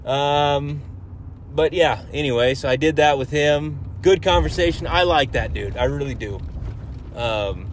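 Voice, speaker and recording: A man's voice: a little high, unhurried, slight background noise. A man vlogging about his day in a loose, rambling way, swearing freely and filling gaps with ums. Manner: heavy swearing, loose and rambling with many fillers. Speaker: hunting vlogger and podcaster. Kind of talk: casual rambling talk to camera.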